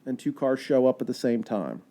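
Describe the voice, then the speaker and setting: A man, a park ranger guest, telling history in a chatty, animated storytelling way. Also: medium pitch, fairly quick. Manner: animated, chatty storyteller with fillers and quoted asides.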